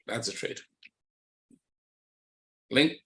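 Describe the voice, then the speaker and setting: A man teaching a live trading webinar, walking quickly and plainly through one chart after another. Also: bright, forceful tone. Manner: rapid, matter-of-fact chart commentary. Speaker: trading instructor.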